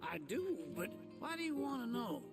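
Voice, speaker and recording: An actor playing a gruff, folksy old male chocobo rancher in a video game, with a gravelly voice and old-timer sayings. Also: extremely high pitch, big pitch swings, normal speed, exaggerated voice. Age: older. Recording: game dialogue over loud music. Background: game music.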